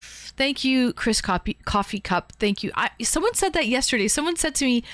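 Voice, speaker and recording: A woman's voice: on the high side, expressive, moderate pace, a bit bright, no echo. Chatty Canadian woman streamer, dry sound. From Canada, Toronto area. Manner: chatty, thanks viewers by name, many fillers. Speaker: live streamer. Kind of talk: casual live-stream chat.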